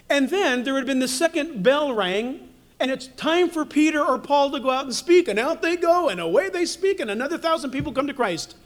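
A man's voice: very high-pitched, lively intonation, fairly quick. A man preaching a sermon as pastor, telling stories animatedly with humorous asides.

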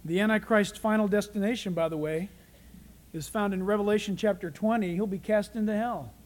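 A man preaching a sermon as a pastor, in an animated, dramatic way. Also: high voice, a little fast.

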